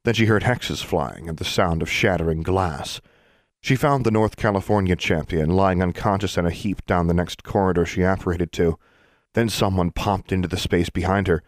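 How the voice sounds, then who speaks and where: A male audiobook narrator with a very deep voice gives a steady, measured scripted reading of a fantasy book. The sound is dry and close, with no room sound around it.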